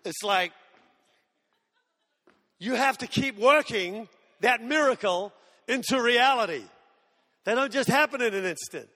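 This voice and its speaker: Male preacher, very high and bright voice, animated storyteller, big hall reverb. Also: a little slow, long pauses. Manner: animated, acts out voices, self-mocking humor. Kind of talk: sermon with storytelling.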